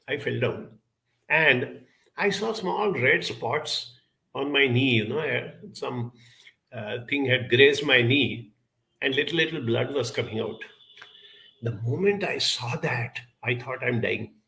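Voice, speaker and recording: A man's voice: mid-range voice, creaky, sharp tone. A man giving a reflective monologue, telling a childhood story and acting out the voices of the people in it. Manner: storytelling, acts out quoted voices. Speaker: speaker giving a talk.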